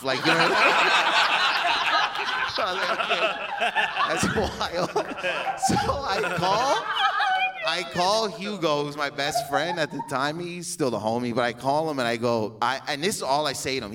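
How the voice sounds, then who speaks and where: A man's voice: a little high, very noisy. A young man telling a long comedic story on stage, rambling, swearing and laughing often.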